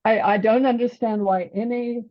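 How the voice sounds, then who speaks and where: Woman on zoom agreeing, kinda halting, muffled audio. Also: a little high, steady tone. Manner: earnest, agreeing, halting restarts. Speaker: podcast participant. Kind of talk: casual chat on a video call. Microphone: video call.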